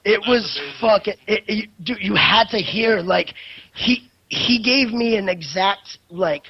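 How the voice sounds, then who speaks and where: A young man co-hosting a casual gaming podcast, telling stories excitedly with lots of swearing and filler words. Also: high-pitched, slow pace, lo-fi sound. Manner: excitable storyteller, swears a lot, many fillers. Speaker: podcast co-host.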